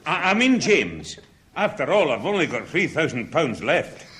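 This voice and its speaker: A grumbling old grandad. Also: male voice, fairly high pitch, sing-song, normal speed, fairly bright tone. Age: older. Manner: grumbling, flustered. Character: grumbling northern grandfather, older. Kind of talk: 1960s radio sitcom acting.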